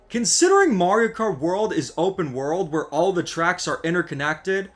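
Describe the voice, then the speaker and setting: Gaming creator, male, high voice that swings widely, sarcastic exasperated rant delivery. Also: fairly bright tone. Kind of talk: scripted ranting commentary.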